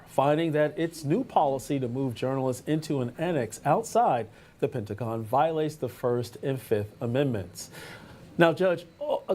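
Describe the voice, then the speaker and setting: Brisk male news host with a higher voice. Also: darkish tone. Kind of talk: news interview hosting.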